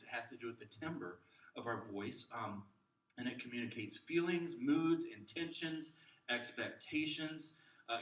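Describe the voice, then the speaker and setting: A man teaching a class of children's ministry workers, jumping between loud bursts and soft near-whispers to show how to use the voice. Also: mid-range voice. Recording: roomy echo, mic at a distance.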